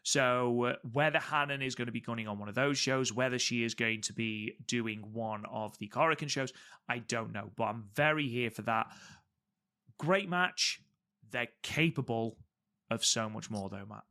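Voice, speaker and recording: A man's voice: medium pitch, moderate pace, sharp tone. A man co-hosting a podcast, reviewing wrestling matches in casual chat and stressing points by repeating words. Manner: enthusiastic, repeats words for emphasis. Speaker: podcast co-host.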